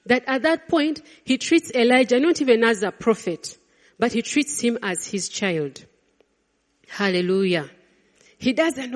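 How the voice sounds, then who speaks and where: A woman preaching a sermon, swinging between loud exclamations and hushed, quiet lines. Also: on the high side, lively intonation, normal speed. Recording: long reverb of a large hall.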